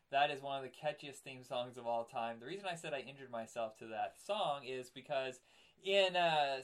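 A young man co-hosting a podcast, chatting casually and acting out his stories with loud outbursts. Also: medium pitch. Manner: animated storyteller, acts out scenes with loud outbursts. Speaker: podcast co-host. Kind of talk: casual chat.

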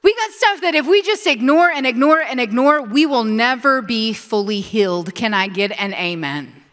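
A high-voiced woman pastor preaches with lively, animated energy and calls on the congregation to answer her. Her voice carries a long reverb, like a church hall. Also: normal speed. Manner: animated preaching with call-and-response. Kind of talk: sermon.

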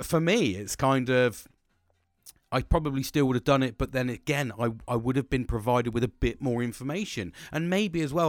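Swearing man, halting confession. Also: medium pitch, no echo, clean studio sound. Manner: profane, halting, many restarts. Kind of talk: casual confessional monologue.

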